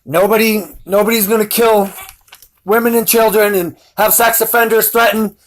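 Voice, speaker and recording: A man's voice: high-pitched, fairly even intonation, moderate pace. A man talking straight to his viewers in a rambling, intense and defiant monologue. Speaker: vlogger.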